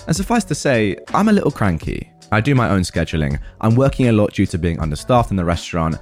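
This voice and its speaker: A man recounting a story from his job as a hotel restaurant manager, with a wry, exasperated edge. His pitch moves a lot, giving the telling a lively, animated lilt. Faint music plays underneath. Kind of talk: storytelling narration.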